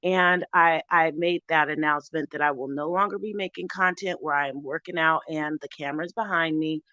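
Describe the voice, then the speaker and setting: A woman's voice: sits low, fairly quick, sharp tone, no room sound, lo-fi sound. A woman hosting her recovery channel in a casual livestream chat, earnest and heartfelt, often restarting her sentences.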